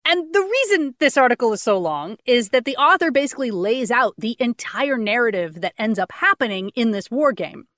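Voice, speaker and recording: A woman from Austin co-hosting a casual podcast, making quick ironic remarks and laughing often. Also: fairly high pitch, sing-song, a bit bright, no echo, studio quality. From Austin, Texas. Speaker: podcast co-host. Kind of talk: casual chat.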